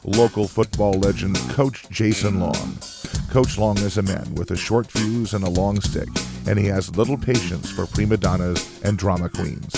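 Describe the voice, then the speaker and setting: Deadpan male documentary narrator. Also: lowish voice, normal speed, vocal fry. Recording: music bed under voice.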